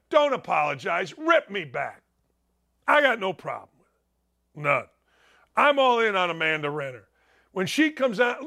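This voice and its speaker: Blunt ranting older man, high bright voice. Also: vocal fry. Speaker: sports talk show host. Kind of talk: opinionated talk show monologue.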